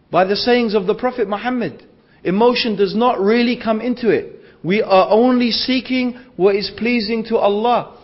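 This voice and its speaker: High-voiced man giving a religious lecture. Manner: rhetorical, repeats phrases for emphasis. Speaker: Islamic lecturer. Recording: dull lo-fi lecture recording.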